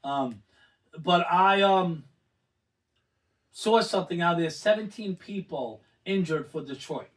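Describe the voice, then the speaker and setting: Loud, high-voiced man far from the mic. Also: slow, pauses often. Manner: loud, swearing, animated. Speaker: sports talk show host. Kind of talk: casual sports chat.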